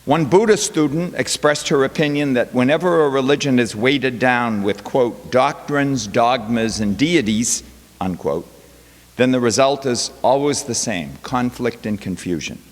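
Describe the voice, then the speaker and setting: A man's voice: medium pitch, a little slow. A male professor giving a chapel talk, telling a classroom story with wry quoted asides. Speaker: guest speaker, professor. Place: college chapel. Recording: long hall reverb.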